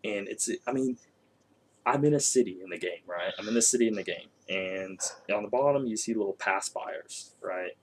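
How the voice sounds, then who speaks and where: Animated, laughing young man talking games. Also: lowish voice, normal speed, slight background noise. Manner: animated, swearing, laughing often. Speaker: co-host. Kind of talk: casual gaming chat.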